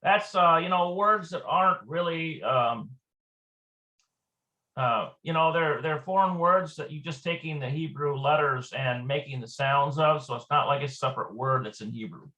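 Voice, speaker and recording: A man's voice: a little high, normal speed, sharp tone. A man teaching an informal Hebrew lesson, thinking aloud as he explains each point. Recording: dull lo-fi recording.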